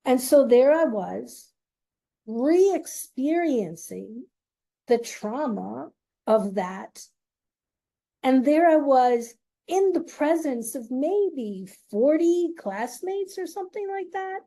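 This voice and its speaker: A middle-aged woman hosting her own show, slowly and earnestly telling a personal story in a confiding way. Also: sits high, expressive, dark tone. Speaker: host.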